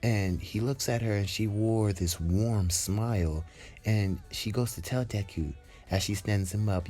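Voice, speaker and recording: Low-voiced man rambling through a fan story. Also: a little slow, warm tone, faint music behind. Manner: rambling, full of fillers and restarts. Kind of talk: casual storytelling narration.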